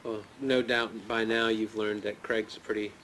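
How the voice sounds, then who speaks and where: A man hosting a talk show, chatting calmly with his guest. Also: fairly low pitch, normal speed, a little hiss or hum. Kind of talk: casual interview chat.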